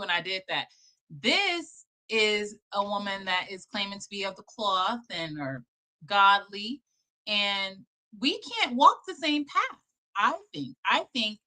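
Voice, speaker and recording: Bright, brash woman commentator. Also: medium pitch. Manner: brash, profane, emphatic. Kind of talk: casual commentary.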